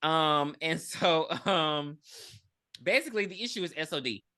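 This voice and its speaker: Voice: mid-range voice, a little slow. A podcast co-host recapping a movie in casual chat, telling the story with lots of profanity and acting out the characters. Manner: profane, animated storyteller who acts out characters.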